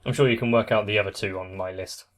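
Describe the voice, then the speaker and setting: Measured man giving commentary. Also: on the low side, steady tone. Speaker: anime reaction channel host. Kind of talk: casual commentary.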